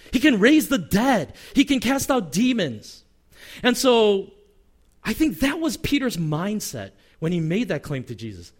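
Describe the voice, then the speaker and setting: Animated man preaching a sermon. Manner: animated, acts out quoted voices; drops pitch and volume at phrase ends. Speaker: pastor.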